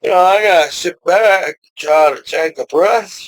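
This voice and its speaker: In poor audio, a high-voiced U.S. vlogger in his 40s talks slowly and meanderingly, leaning on "you know" fillers and erupting into sudden loud outbursts.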